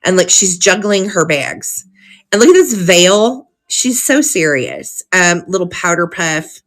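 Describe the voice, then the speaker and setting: Chatty lady running a live sale stream, gushy and giggly, voice on the low side. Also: lively intonation, a little slow, a bit bright. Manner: chatty and gushing, often giggling. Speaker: host of a live vintage sale. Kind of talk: casual live-sale chat, reading old cards aloud.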